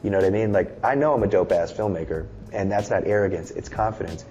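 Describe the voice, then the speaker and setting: A man's voice: deep voice, quick pace, darkish tone, muffled recording, faint music behind. A man in his thirties talking in a casual interview, loose, candid and often swearing. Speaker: musician and film director, guest.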